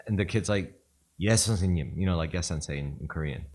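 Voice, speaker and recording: Low-voiced male podcast co-host, contrarian and crude, telling stories. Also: fast talker, darkish tone. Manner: provocative, argumentative storyteller. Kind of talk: casual podcast chat.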